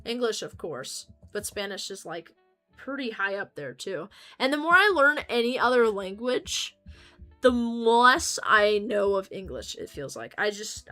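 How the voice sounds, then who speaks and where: A woman's voice: mid-range voice, a bit bright. A young American woman chatting casually on a livestream, rambling and joking and swearing freely.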